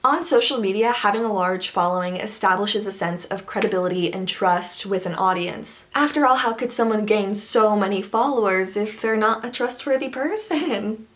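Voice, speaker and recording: A woman in her twenties giving a sarcastic, giggly commentary vlog, with quick jokey asides. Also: medium pitch. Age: 20s. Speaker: commentary YouTuber.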